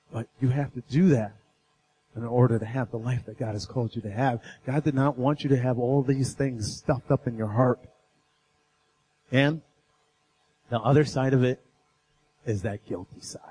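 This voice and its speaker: A man's voice: medium pitch, a little mellow, poor audio. A man giving an earnest sermon as a guest speaker, telling personal stories and building in intensity.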